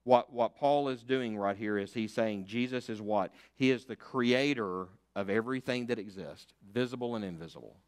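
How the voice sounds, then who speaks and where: An older man, preaching a sermon as pastor, emphatic and fiery, rising to loud declarations and dropping to hushed asides. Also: fairly low pitch, moderate pace, hardly any pauses, clear, resonant tone. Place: church sanctuary.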